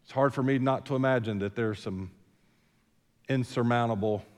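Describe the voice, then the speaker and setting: Male pastor, folksy sermon, rhetorical questions, mid-pitched voice, long hall reverb. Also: normal speed. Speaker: senior pastor. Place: church sanctuary.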